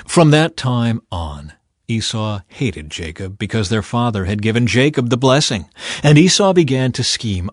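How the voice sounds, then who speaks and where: A man narrating a Bible reading in a measured storytelling way. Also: mid-range voice, very animated, no echo, studio quality.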